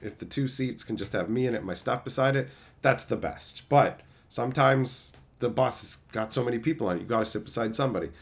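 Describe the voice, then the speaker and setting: A man's voice: mid-range voice, brisk, gravelly. A man streaming a casual chat, talkative and swearing often. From Newfoundland, Canada. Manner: chatty, swears a lot.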